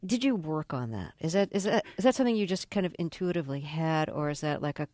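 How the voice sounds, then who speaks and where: A woman's voice: low voice, expressive, fast, dark tone, dry recording. Woman interviewer, dry studio sound. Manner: hesitant questions with restarts. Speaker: radio interviewer. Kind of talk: radio interview. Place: radio studio.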